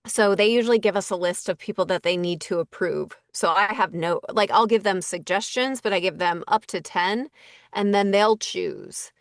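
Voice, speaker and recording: Relaxed casting woman, dry close sound. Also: medium pitch, normal speed, no echo. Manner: relaxed, thinks aloud with many fillers. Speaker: voice director and casting associate. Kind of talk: casual interview conversation. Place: Los Angeles.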